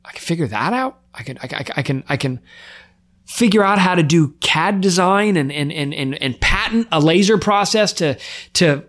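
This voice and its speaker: Raw, emotional middle-aged firefighter. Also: male voice, fairly high pitch, expressive, normal speed. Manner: raw and emotional, voice climbing when worked up, then trailing off quietly; repeats words and restarts mid-sentence. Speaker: firefighter, podcast guest. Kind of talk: personal storytelling in a podcast interview.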